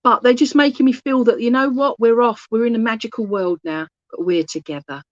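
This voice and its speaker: A woman's voice: a little high, fairly quick, no room sound, highs cut off. A woman working as a medium in an online service, chatty and rambling, often losing her thread and restarting, with affectionate asides to her listeners. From England. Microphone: phone held in hand.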